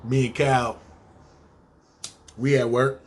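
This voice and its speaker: Speaking slowly with little movement in his medium-pitched voice, this man hosts a podcast and recounts a personal story. He has a New York accent, hails from Harlem, and talks in relaxed, profane street slang.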